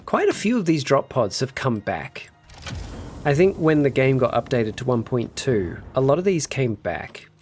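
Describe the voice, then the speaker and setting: A man's voice: mid-range voice, sing-song, normal speed, darkish tone, slight background noise. A man casually chatting on a gameplay livestream, muttering to himself while building and answering his chat. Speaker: streamer.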